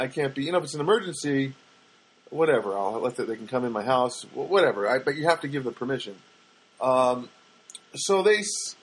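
A man with a voice a little higher than most, talking in a loose, chatty way. He stumbles, restarts and fills pauses as he rambles. He drops in wry asides that poke fun at himself. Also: rough recording. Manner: chatty, many fillers and restarts; wry, self-deprecating asides. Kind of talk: casual rambling anecdote.

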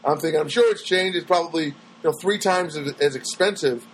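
A man's voice: fairly high pitch, a little fast, slight background noise, rough recording. An older man telling rambling everyday stories in casual talk, full of fillers and asides.

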